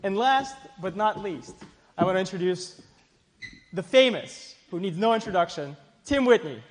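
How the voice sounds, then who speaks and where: A man with a high-sitting, lively voice hosts a science contest at a normal speed, introducing the judges with playful, teasing jokes and plenty of laughter. It's joking emcee work before an audience in a large hall, and the recording echoes with crowd noise.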